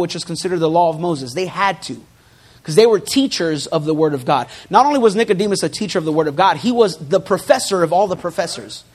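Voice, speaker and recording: A man preaching a sermon to his congregation, building emphasis through repeated phrases and dropping in joking asides. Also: sits high. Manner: emphatic preaching with rising, forceful repetitions. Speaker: pastor.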